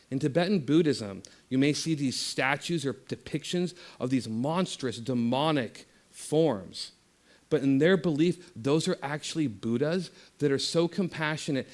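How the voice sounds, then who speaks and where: A man speaking as guest speaker at a spiritual center, giving an impassioned talk that swings from loud exhortation to soft meditation guidance. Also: a little high.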